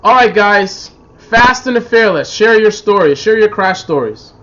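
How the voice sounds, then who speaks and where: A man with a fairly high voice hosts a casual live stream, reading viewer comments and rambling through stories. His talk is loose and animated. The audio is dull and lo-fi. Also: measured pace. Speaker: livestream host.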